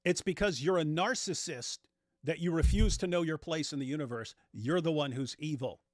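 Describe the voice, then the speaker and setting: A man hosting a show, giving animated, sarcastic commentary on clips. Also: on the high side, moderate pace, no room sound, studio quality. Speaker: host. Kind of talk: reacting to clips, casual chat.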